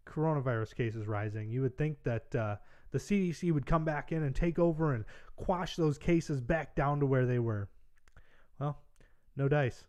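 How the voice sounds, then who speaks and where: A man hosts a political livestream in a loose, casual way. He reads news aloud and breaks in with sarcastic, mocking remarks. His voice sits at an ordinary middle pitch. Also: darkish tone. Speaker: political podcast host.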